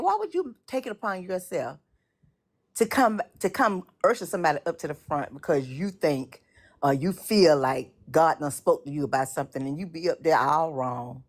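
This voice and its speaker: A woman with a deep, low-pitched voice speaking in casual conversation. She rambles, repeats words and leans on fillers as she works through her thoughts. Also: animated, normal speed. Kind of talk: casual conversation about church experiences.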